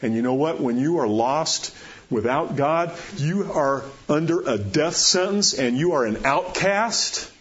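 A man preaching a sermon as pastor, animated, rising to excited questions and dropping to quiet appeals. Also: on the high side, a little slow, lo-fi sound.

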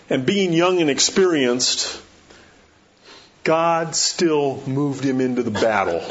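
A man pastor preaching a sermon, emphatic and storytelling, repeating rhetorical questions. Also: fairly high pitch. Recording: dull lo-fi recording.

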